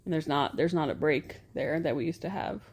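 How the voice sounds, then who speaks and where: A woman, co-hosting a relaxed couple's podcast. Her voice sits a little low for a woman. She talks candidly and laughs often. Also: brisk, breathy edge. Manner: candid, laughs easily, soft-spoken. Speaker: podcast co-host. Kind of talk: casual couple's podcast chat.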